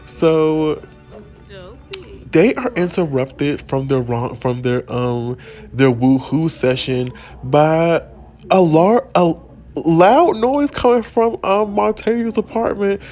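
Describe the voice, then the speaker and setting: A man hosting a casual let's-play video, telling the game's drama in an excitable, gossipy way. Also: a little high, slow pace, soft background music. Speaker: gaming video host.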